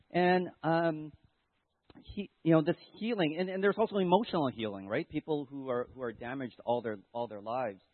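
A man's voice: mid-range voice, no echo. A man giving a casual Sunday sermon, retelling a Bible story to children and reflecting aloud, with many restarts. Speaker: church member giving a Sunday message. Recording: dry, tinny phone-like sound.

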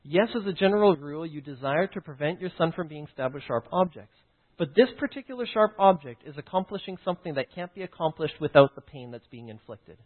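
A man's voice: a little high, expressive, fairly quick. A man teaching through a personal story, often stopping to check in with "right?" and "okay?". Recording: tinny phone-like line.

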